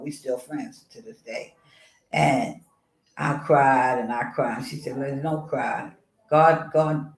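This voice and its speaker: A woman author telling a personal story in an animated way, acting out the voices of the people in it. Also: rumbling low, reverberant, low-quality recording. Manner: expressive, acts out voices in her story. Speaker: author guest.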